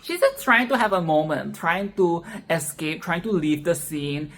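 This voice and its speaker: A woman giving casual, expressive film commentary, swearing freely and repeating phrases for emphasis. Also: lowish voice, normal speed, hardly any pauses.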